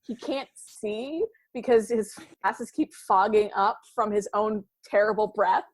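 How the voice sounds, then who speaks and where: A woman's voice: mid-range voice, unhurried, no echo. A woman, a podcast guest, telling a funny personal story in casual chat and acting out her own thoughts as quoted asides.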